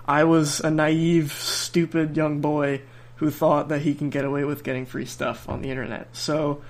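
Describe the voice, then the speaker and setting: A young man with a slightly high voice tells a story on a podcast. He rambles, restarts his sentences and laughs through the telling. His talk is relaxed and chatty. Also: moderate pace. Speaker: podcast host. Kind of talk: casual storytelling.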